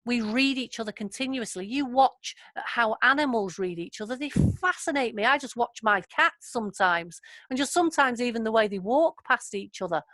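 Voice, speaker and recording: A woman's voice: fairly high pitch, expressive, moderate pace, few pauses, fairly bright tone, no room sound. A woman leading an online training session over a video call, chatty and affirming. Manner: chatty, affirming, laughs often. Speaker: workshop facilitator.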